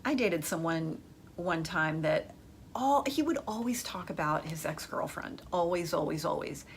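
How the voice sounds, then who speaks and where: A woman's voice: low-pitched, lively intonation, a little slow, a little hiss or hum. A woman hosting an advice podcast, speaking emphatically and conversationally as she addresses her listeners directly. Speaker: dating advice host.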